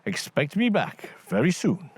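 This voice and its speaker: A man's voice: a little high, big pitch swings, a little slow, slightly rough, no echo, voice pushed up, full character voice. A man voicing a small, cunning, boastful male tailor in a storybook tale. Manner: boastful, chirpy.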